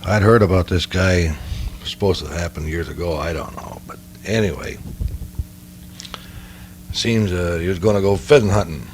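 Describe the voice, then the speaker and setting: A man's voice: deep voice, normal speed, pauses often, a little hiss or hum. An older man, a retired game warden, dictating memoir stories in a rambling, anecdotal way, often circling back with "well, anyway". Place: indoors, dictating into a recorder. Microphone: home tape recorder.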